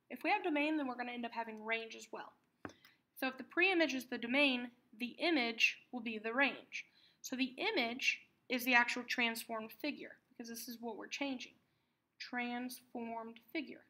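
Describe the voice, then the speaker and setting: Woman math teacher, clear bright voice, slows down to repeat key words. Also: fairly high pitch. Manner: patient, repeats key terms slowly. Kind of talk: classroom lesson explanation.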